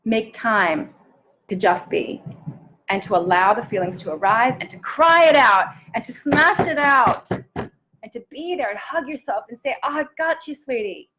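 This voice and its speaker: Gentle, earnest woman coaching self-love. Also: a little high, lively intonation, a little slow, slight background noise, low-quality recording. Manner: gentle, earnest, reads viewer comments aloud. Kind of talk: live-streamed coaching talk.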